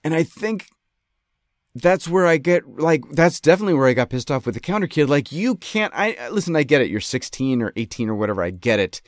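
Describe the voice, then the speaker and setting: A man from western New York telling a story in a casual monologue, animated and ranting, often cutting himself off mid-sentence. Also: a little high, brisk, no room sound, clean studio sound. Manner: animated, ranting, self-interrupting. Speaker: podcast host.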